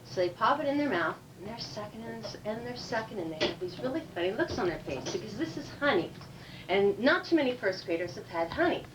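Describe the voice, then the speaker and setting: Animated woman storyteller, far from mic. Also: on the high side, fairly quick, a loud crowd. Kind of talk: live stand-up joke telling. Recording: distant mic with background noise.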